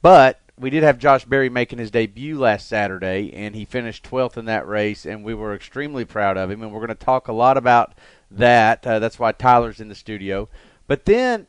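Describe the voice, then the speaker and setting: Smooth-voiced male podcast host, dry studio sound. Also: medium pitch, normal speed, no room sound. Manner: chatty, rambling with laughs. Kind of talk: casual chat. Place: radio studio.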